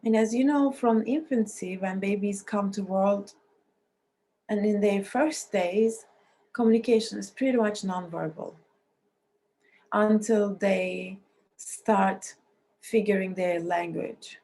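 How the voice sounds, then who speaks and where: Woman, lecturer, scratchy voice, mellow dark tone, mid pitch, restarts phrases, phrasing. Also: slow. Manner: explanatory, with frequent restarts and non-native phrasing. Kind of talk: recorded university lecture.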